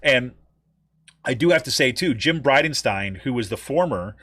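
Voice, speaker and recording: A man's voice: medium pitch, animated, moderate pace, fairly bright tone, dry recording. An American man co-hosting a podcast, chatting casually about news with lots of ums and restarts. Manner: rambling, many ums and restarts. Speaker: podcast co-host.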